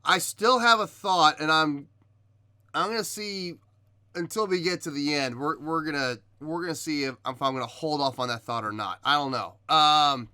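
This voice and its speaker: A man hosting a reaction video, giving measured critique in casual talk, often pausing with ums and restarting his sentences. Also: fairly high pitch, bright, forceful tone, clear, resonant tone, no room sound, clean studio sound. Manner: hesitant, many ums and restarts. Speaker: reaction video host reviewing a singer. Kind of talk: casual spoken commentary.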